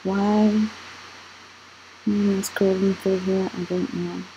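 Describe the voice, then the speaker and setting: Young adult woman, channel host; dark, relaxed tone, rambling unhurried walkthrough delivery. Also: medium pitch, muffled recording, faint music behind. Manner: rambling, questions her own scrolling. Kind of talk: casual screen walkthrough vlog.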